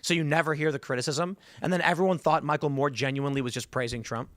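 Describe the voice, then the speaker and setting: A man hosting a casual political panel, telling animated stories and acting out quotes. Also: on the high side, fast, no echo, clean studio sound. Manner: animated storyteller, acts out quotes. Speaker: host.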